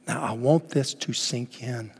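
A man preaching a sermon emphatically, swinging between loud exclamations and hushed words. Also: medium pitch, measured pace, vocal fry, breathy edge. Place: church sanctuary. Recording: long reverb of a church hall.

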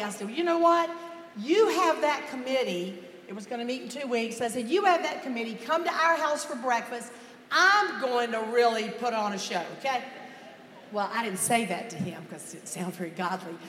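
High bright-voiced woman telling a church story. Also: slight background noise. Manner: animated storytelling, mock-outraged asides. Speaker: teacher and pastor's wife. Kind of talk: humorous sermon story. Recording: echoey hall with long reverb.

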